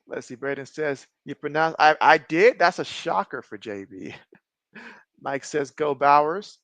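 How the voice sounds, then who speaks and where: A man streaming a game, giving casual play-by-play, reading viewer chat and joking often, getting excitable on big plays. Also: fairly high pitch, measured pace, no room sound. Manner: jokey, excitable, often laughs. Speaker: live-stream sports commentator.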